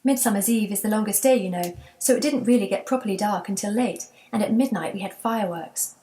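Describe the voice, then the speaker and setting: Wistful old grandmother in a storybook, read by a woman, soft reminiscing tone, mid pitch. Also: a little fast, natural voice. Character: wistful elderly grandmother recalling childhood.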